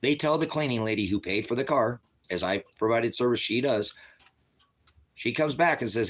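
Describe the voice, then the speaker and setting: A man's voice: mid-range voice, lively intonation, a little fast, a bit bright. A man ranting angrily and profanely to viewers, retelling conversations in quotes. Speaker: ministry vlogger. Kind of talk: angry rant to viewers.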